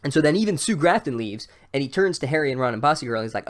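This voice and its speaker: A man's voice: mid-range voice, animated, rapid-fire, few pauses. A man hosting a comedic book recap podcast, talking in a sarcastic, profane, rambling way. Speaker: podcast host.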